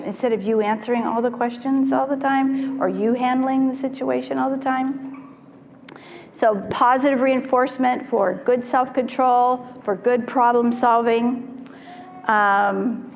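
A middle-aged woman therapist speaks to parents, her somewhat high voice carrying a long reverb as if from a hall. The sound is a little dull and lo-fi, with faint noise beneath it. She tells stories in an animated way and acts out the people she quotes. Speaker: child therapist. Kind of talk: storytelling talk to parents.

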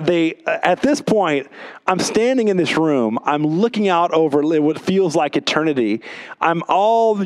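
A man delivers a sermon, with a voice that sits a little on the high side. He tells a personal story with animated energy, then slows down and turns quiet and deliberate when he reads scripture. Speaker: pastor.

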